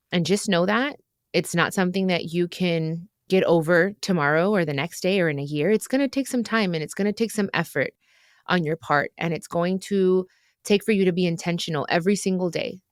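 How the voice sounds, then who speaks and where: A woman's voice: on the low side, dry recording, clean studio sound. A woman hosting an advice podcast, talking earnestly and with emotion to listeners. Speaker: podcast host giving advice. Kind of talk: heartfelt advice chat.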